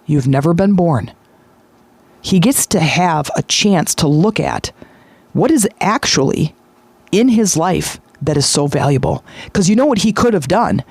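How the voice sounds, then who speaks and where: A man hosting a podcast, retelling a story in a lively, chatty way with frequent fillers. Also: fairly high pitch, a little slow, vocal fry, husky, dry recording. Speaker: podcast host. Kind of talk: casual storytelling monologue.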